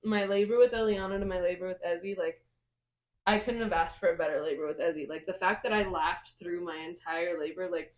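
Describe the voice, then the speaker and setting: A woman's voice: on the low side, fairly quick. A young woman co-hosting a casual podcast chat, telling stories animatedly and saying "like" a lot, a little sniffly from a cold. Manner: animated storyteller, heavy use of "like". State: getting over a cold, sniffly. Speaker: podcast co-host.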